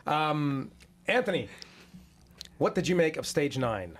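A man hosting a casual podcast panel, croaky and a little hoarse, chatty and self-mocking. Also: on the high side, big pitch swings, takes it slowly, long pauses, a little hiss or hum. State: croaky voice from illness. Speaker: podcast host.

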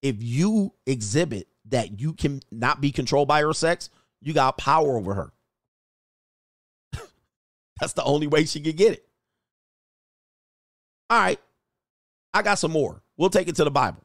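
A blunt, preachy man lecturing in a motivational monologue. His voice is fairly high for a man, and he hammers home short phrases again and again. The sound is dry and close. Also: very animated, normal speed, long pauses, a bit bright, no echo. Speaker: dating and life coach.

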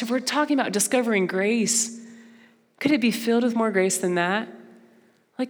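A woman's voice: fairly high pitch, expressive, a little slow, pauses often. Young woman, Christian speaker, earnest and conversational, long echoing hall. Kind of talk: personal testimony talk.

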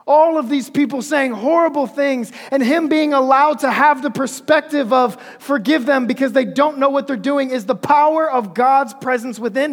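A male pastor preaching a sermon with emphasis, repeating key phrases, recorded in an echoey hall. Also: extremely high pitch.

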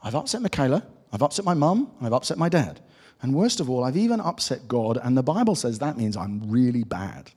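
A man's voice: sits high, very animated, normal speed, a little mellow, breathy edge, pitched above the performer's own voice, exaggerated voice. A man voicing a guilty, upset little girl in a children's story, in an earnest, fretful way. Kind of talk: reading a children's storybook aloud. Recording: echoey hall.

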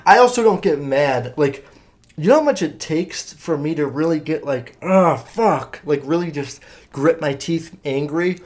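Rambling, cursing young man, fairly high voice. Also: normal speed, a little mellow. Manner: rambling, profane, filler-heavy storytelling. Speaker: podcast host. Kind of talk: casual solo podcast monologue.

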